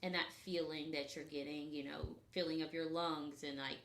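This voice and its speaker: Woman with a lowish voice, rambly casual chat full of "like"s, roomy echo. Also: flat delivery, normal speed, slight background noise. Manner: rambling, lots of "like" and "um", drops to soft breathy asides. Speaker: podcast co-host. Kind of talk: casual chat about spiritual practice. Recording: echoey room.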